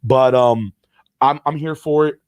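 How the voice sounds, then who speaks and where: A man's voice: mid-range voice, measured pace, smooth, dry recording. A man co-hosting a casual podcast, laid-back and slangy, talking straight to the listeners. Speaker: podcast co-host.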